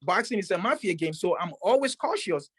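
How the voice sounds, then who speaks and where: A professional boxer telling a story in a casual interview, rambling with many fillers and restarts. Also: male voice, high-pitched, big pitch swings, fairly quick, a bit bright, slightly rough, no room sound.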